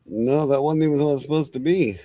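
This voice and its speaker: A man's voice: on the high side, a little fast, mellow, no echo. A man hosting a live stream in casual chat, sounding flustered while he struggles with screen sharing.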